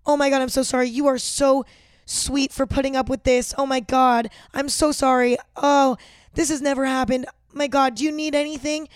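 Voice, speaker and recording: A woman's voice: a little high, fairly even intonation, fairly quick, no room sound, studio quality, natural voice. A woman imitating a rude woman flight attendant who repeats herself curtly. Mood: gushing. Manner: curt and repetitive.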